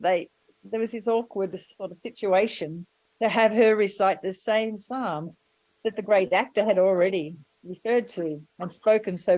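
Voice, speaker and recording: A woman preaching a sermon and telling stories gently, with warm asides to the congregation. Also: medium pitch, no room sound, rough recording.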